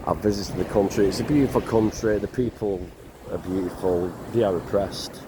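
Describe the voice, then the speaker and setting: An older man with a blocked nose, talking slowly and plainly in a casual travel vlog by the sea. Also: on the low side. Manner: slow, rambling, plain-spoken. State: congested, bunged up. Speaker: vlogger. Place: outdoors by the sea. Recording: noisy outdoor recording.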